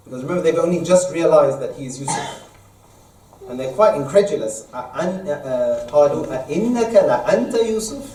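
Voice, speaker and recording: A man, an imam, leading a Quran study lesson, explaining verses at length and reciting Arabic quickly, recorded in an echoey mosque hall from a distance. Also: fairly high pitch, a little mellow. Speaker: imam teaching a study circle. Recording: echoey room, mic far off.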